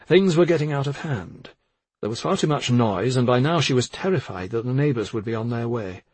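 A man narrating a thriller audiobook in a measured, even scripted style. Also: mid-range voice, breathy edge.

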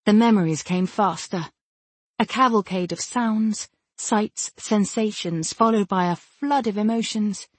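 Slow, husky woman reading a story. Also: mid-range voice, dry recording. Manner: measured, steady reading. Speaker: audiobook narrator. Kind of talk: scripted narration.

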